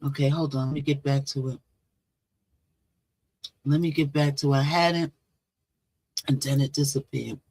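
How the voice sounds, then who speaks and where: A woman's voice: a bass voice, steady tone, normal speed, long pauses, darkish tone. A woman hosting a casual live stream, chatting and repeating herself as she greets viewers. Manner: chatty, repeats phrases, talks to viewers directly. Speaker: livestream host.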